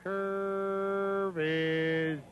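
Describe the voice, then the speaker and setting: A man doing live play-by-play for a baseball game on the radio, calling each pitch in a steady, matter-of-fact way. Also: drawn-out words, lo-fi sound, music in the background. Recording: noisy ballpark ambience.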